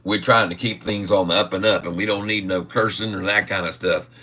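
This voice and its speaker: A man's voice: low voice, fairly even intonation, fairly quick, sharp tone. A man putting on a rowdy, folksy redneck character with a Southern accent, laughing between lines. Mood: boisterous. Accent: American Southern, put on.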